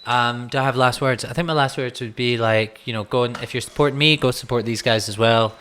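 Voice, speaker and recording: A man's voice: mid-range voice, steady tone, fairly quick, a bit bright, clear, resonant tone. A man with a Scottish accent, a podcast guest in casual chat, laid-back and self-mocking, laughing often. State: sweating.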